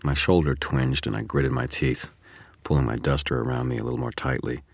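A man with an extremely low, booming voice reads a first-person audiobook chapter. His delivery is measured and steady, recorded close and dry with no room sound. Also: vocal fry, dry recording. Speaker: audiobook narrator.

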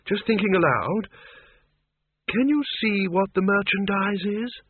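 A man's voice: high-pitched, unhurried, slightly rough, no echo, voice pushed up. A man voicing a dry, unflappable older wizard who thinks aloud, in a storybook reading on a tinny lo-fi recording. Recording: tinny phone-like lo-fi.

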